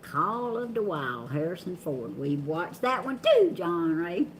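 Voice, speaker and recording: Woman, drawl, live-stream co-host, very lively melody, folksy and easygoing. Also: fairly low pitch, a little slow, a little hiss or hum. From Georgia, US. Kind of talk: casual chat reading viewer comments.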